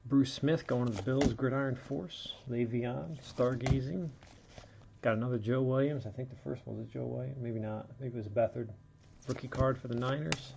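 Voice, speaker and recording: A man with a gravelly, fry-heavy voice runs through a card break in a relaxed, chatty way, naming each pull as it comes. He sounds a bit under the weather, and there's a faint hiss of noise behind him. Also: medium pitch, normal speed, muffled recording. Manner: running play-by-play of pulls, chatty asides. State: feeling unwell. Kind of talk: casual card-opening commentary.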